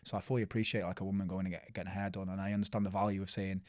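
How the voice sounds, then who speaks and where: A man's voice: low-pitched, little pitch movement, rapid-fire, a little mellow, dry recording, clean studio sound. A man, co-hosting a podcast in casual chat, telling stories and acting out family members' voices. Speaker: podcast co-host.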